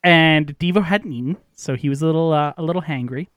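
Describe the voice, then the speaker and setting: A man's voice: a little high, a little fast, dry recording, clean studio sound. A man chatting casually, telling a story with lots of hesitations. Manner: hesitant storyteller with many uhs. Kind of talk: casual chat.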